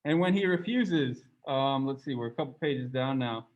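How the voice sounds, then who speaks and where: With a mid-range, expressive voice at a moderate pace, a man lectures on religious studies in a relaxed, conversational style. He quizzes his students as he goes and reads from the book aloud, and the recording has its highs cut off.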